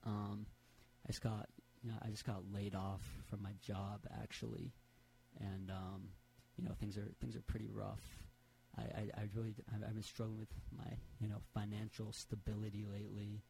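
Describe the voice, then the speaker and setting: Sad-sack moth guy played by a man, stammers a lot, low voice. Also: level tone, moderate pace, vocal fry, warm tone, slight background noise, rough recording. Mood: woeful. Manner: stammering, rambling. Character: downtrodden male moth, anxious and rambling.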